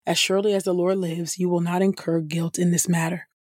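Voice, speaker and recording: A woman's voice: lowish voice, flat delivery, a little fast, a little mellow, no room sound, clean studio sound, natural voice. A woman reading the lines of a frightened, desperate king, in a plain scripture-reading voice. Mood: troubled.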